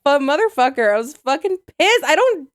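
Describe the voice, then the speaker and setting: A young adult woman co-hosting a podcast, telling stories in a profane, animated casual chat. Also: sits high, a little fast. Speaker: podcast co-host.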